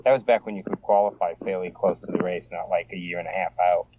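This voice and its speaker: A man's voice: low-pitched, fairly even intonation, fast talker, a little hiss or hum. A man in his sixties with a Boston accent, telling rambling, self-deprecating stories as an interview guest. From Boston area. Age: 60s. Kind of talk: casual anecdotal storytelling. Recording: dull, slightly distant, dry mic.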